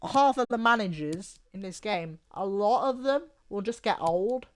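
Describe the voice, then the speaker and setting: A man's voice: high-pitched, animated, unhurried, no echo. Rambling man streaming a game. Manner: rambling, jokey, with restarts. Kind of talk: casual gameplay commentary.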